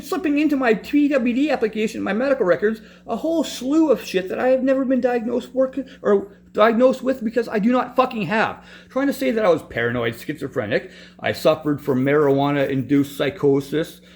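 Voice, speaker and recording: A man with a noticeably high voice rants in frustration. He swears constantly and keeps breaking off and restarting his sentences as he tells his own story. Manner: profane, frustrated, restarts often. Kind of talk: angry personal rant.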